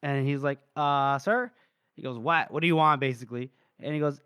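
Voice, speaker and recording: A man's voice: on the high side, normal speed, a bit bright, smooth, no echo. A young man co-hosting a podcast, animatedly retelling a book chapter in casual chat and briefly acting out the characters' lines. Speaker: podcast co-host.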